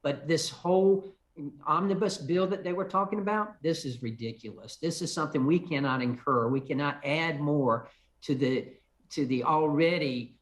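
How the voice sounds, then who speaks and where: A man's voice: a little high, moderate pace. An older man, a congressman, answering viewer calls on a TV show in an emphatic way, often repeating words as he begins a sentence. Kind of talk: call-in TV interview answers.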